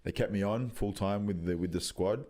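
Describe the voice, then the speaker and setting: A young Australian man in his twenties, telling a story in loose, casual podcast chat, swearing freely and pausing on many ums. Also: lowish voice, warm tone. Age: 20s. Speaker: podcast guest, rugby league player.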